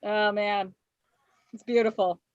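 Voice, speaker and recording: A woman's voice: medium pitch, fairly even intonation, dry recording. Amused, chatty female podcast host. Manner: chatty, amused, quick reactions. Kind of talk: casual podcast chat. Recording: dull, dry, lo-fi sound.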